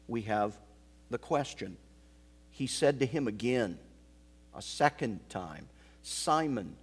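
A man preaching an expository sermon, slow and emphatic, repeating key phrases. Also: on the low side, slightly rough. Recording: long hall reverb.

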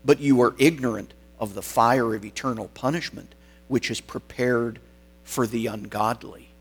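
A man voicing an aged bishop who faces death, speaking clearly, firmly and solemnly in a sermon story. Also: medium pitch, steady tone, normal speed, faint music behind, close to an everyday voice. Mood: calm. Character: aged male bishop facing death, calm and unshakable.

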